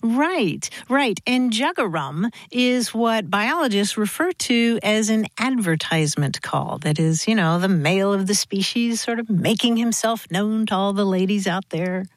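A woman co-hosting a radio call-in show, brisk and friendly. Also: mid-range voice, animated, no room sound.

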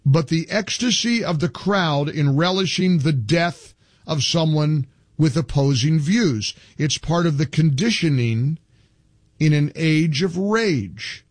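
A man's voice: a little high, expressive, slow pace, no echo. A male talk show host giving emphatic opinion commentary, reading from articles and building into indignant outbursts.

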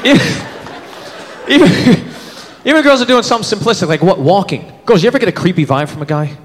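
A man in his thirties performing a stand-up comedy set, animated and jumping into character voices. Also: high voice, quick pace, some chatter behind. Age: 30s. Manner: animated, switches into voices for bits. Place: comedy club stage with live audience. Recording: reverberant club, audience laughter, room noise.

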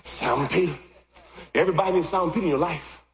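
A middle-aged man preaching a sermon, swinging from loud shouts to quiet asides. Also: fast talker, a little hiss or hum. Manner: animated, jumps from loud shouts to low asides. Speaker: pastor. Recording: echoey hall with long reverb.

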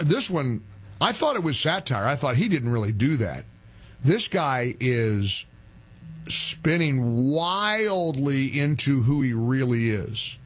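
An older man hosting a radio talk show, talking animatedly and rising to an emphatic pitch when he rants. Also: husky.

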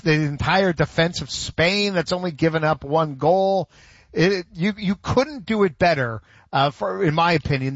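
A man with a fairly high voice hosts a sports talk show with energetic, opinionated chatter. The sound is dry and a little dull, with no room around it. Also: dry recording. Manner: energetic, quick opinionated delivery.

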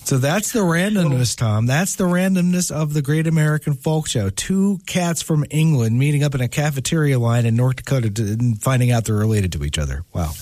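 A man's voice: mid-range voice, animated, fairly quick, few pauses, a little mellow, no echo. A man conducting a radio interview, asking questions in a friendly, conversational way.

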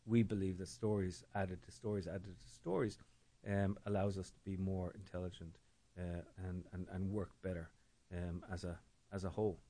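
An Irish man from Dublin speaks with a fairly low voice in a thoughtful interview. He circles his points with fillers, restarts and repeated words. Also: little pitch movement, normal speed, warm tone. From Ireland. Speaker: guest, storytelling organizer. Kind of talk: reflective conversational interview.

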